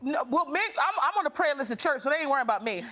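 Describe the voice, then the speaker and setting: A woman's voice: sits high, expressive, racing, heavy background noise. A young woman on a talk show panel, chatting casually with many fillers. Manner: chatty, uses fillers like "you know".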